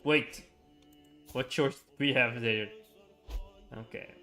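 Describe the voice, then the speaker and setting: A man's voice: medium pitch, slow, bright, forceful tone, faint music behind. A young man chatting casually on a gaming livestream, rambling with frequent chuckles and filler words.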